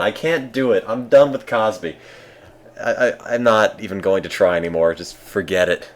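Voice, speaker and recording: A man streaming a game with casual, deadpan, self-mocking commentary. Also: on the low side, normal speed.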